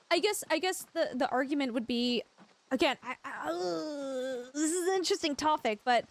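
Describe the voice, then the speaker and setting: A young woman from Canada chats with her livestream viewers while she plays. Her voice sits high, and she talks in a bubbly, giggly way. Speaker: livestream gamer. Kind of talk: casual livestream chat.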